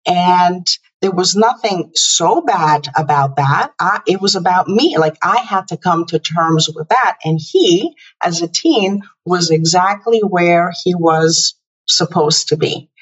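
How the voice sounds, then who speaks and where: A woman in her fifties, a mother and parenting guest, telling a personal story in an interview in a reflective, halting way with many restarts. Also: fairly low pitch, slightly rough. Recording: distant, muffled remote audio.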